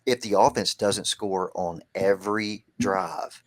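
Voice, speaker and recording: A man's voice: fairly low pitch, steady tone, takes it slowly. A man on a podcast panel chatting loosely about sports betting picks, hedging a lot and full of fillers. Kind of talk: casual sports betting chat.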